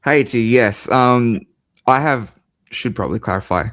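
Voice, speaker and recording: A man's voice: medium pitch, unhurried, fairly bright tone. An Australian man chatting about football as a panel guest on a video call, easygoing and teasing. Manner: easygoing, teasing, self-deprecating. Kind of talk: casual football chat.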